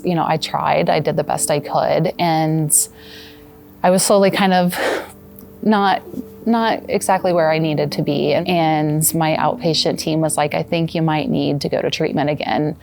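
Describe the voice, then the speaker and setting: A woman in her thirties giving a personal testimonial, earnest and halting, with soft restarts. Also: sits low, vocal fry. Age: 30s. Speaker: former patient giving a testimonial.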